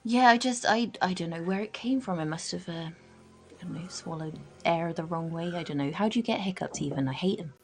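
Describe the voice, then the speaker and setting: A woman player chatting casually during a tabletop game, complaining in an animated way. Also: on the low side, a little fast.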